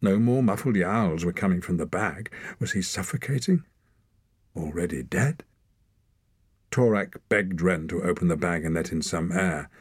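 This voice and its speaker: A man narrating an adventure audiobook in a measured, expressive storytelling voice. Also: low voice, breathy edge, no room sound, studio quality. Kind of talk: scripted narration.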